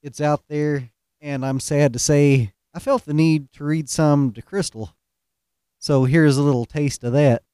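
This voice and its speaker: Male host, relaxed joker, warm tone, dry close recording. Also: fairly high pitch, a little slow, smooth, no echo. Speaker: podcast host. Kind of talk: casual storytelling.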